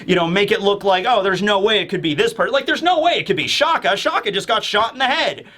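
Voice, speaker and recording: A young man casually recapping and commenting on a manga chapter, animated and jumping into high voices for the characters. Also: quick pace.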